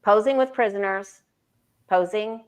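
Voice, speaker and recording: A woman's voice: medium pitch, a little slow, clean tone. A woman reading tarot on a livestream, chatting emphatically and repeating phrases for effect. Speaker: tarot reader, co-host. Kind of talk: casual live-stream chat.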